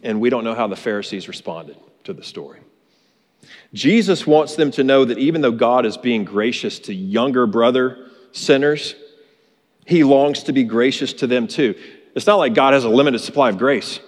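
Brief: male pastor mid-sermon, mid-pitched, emphatic and earnest, long reverb of a large hall. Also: moderate pace. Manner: earnest, emphatic, repeats key phrases.

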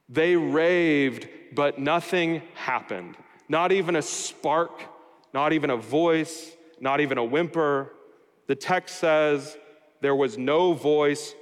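A man preaching a sermon, explaining a scripture passage verse by verse and adding wry everyday asides. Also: a little high. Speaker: pastor. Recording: long hall reverb.

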